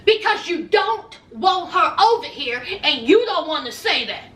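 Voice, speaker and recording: A woman's voice: high-pitched, sing-song, a little slow, fairly bright tone, reverberant, far from the mic. A woman giving sassy, dramatic commentary in a TV recap vlog, full of folksy slang. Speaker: reality TV recap vlogger.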